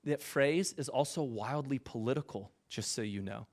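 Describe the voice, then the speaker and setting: A man giving a conversational sermon as a pastor, animated and jokey, talking with his congregation. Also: medium pitch, normal speed.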